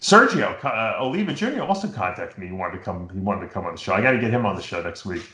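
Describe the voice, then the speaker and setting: A middle-aged man from New York hosting a show, chatting casually and telling rambling, animated stories. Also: sits low, quick pace, reverberant. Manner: rambling, animated storytelling with impressions. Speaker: podcast host. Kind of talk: casual chat.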